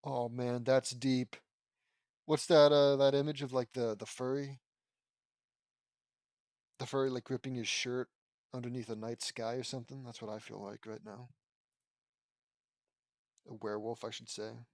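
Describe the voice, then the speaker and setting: A man's voice: medium pitch, little pitch movement, measured pace, long pauses, a little mellow, no room sound. A man reading fan fiction aloud and breaking in with sarcastic, swearing commentary. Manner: sarcastic, swears freely, laughs at the text. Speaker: audiobook reader.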